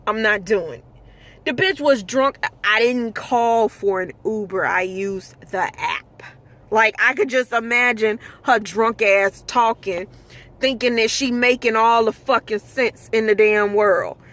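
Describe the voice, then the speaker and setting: A woman's voice: on the high side, unhurried, fairly bright tone. Exasperated, foul-mouthed woman driver ranting. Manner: blunt, exasperated, swears freely. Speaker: rideshare driver telling stories. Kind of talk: casual storytime vlog.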